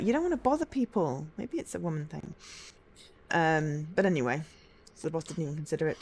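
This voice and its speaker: A woman chatting casually while streaming a game, animated and self-interrupting. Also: low voice, fairly quick. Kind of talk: casual gameplay commentary. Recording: faint music behind.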